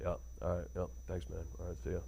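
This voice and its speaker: A man's voice: monotone, fast talker, creaky, breathy edge, exaggerated voice. A man imitating a brash male rap mogul who mumbles short brush-off answers and only talks up his own album. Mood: bored. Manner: low mumbling brush-offs, then loud hype.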